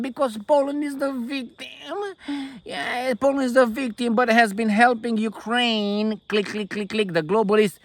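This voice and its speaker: An older man rants through a rambling vlog from inside a tent, crude and mocking, full of jokes and asides. His voice sits high for a man and leaps widely up and down. The sound is close and dry, with no room around it. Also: fairly bright tone, no room sound. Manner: profane, mocking, jokey, digressive. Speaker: political commentary vlogger. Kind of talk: rambling casual commentary.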